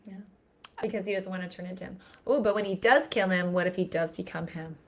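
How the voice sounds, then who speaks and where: A woman with a gravelly, fry-laden voice, chatting live about a book series. She is blunt, emphatic and quick to joke. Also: on the low side. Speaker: book discussion co-host. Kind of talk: casual live book chat.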